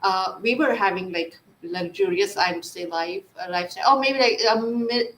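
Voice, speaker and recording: A woman psychologist being interviewed, speaking softly with many fillers and restarts. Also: mid-range voice, moderate pace. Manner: soft-spoken, frequent fillers and restarts. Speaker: guest psychologist. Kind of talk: live interview. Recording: echoey room with faint noise.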